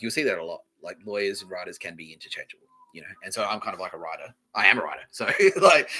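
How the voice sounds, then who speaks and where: A young Australian man hosts a podcast in a casual comedic monologue, swaggering, profane and laughing a lot. His voice is deep, pushed and bright, and husky, and the audio quality is poor.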